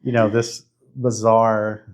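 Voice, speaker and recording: A man in his fifties hosting a podcast, telling a spiritual story in an earnest, halting way with many restarts. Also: fairly low pitch, little pitch movement. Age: 50s. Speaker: podcast host.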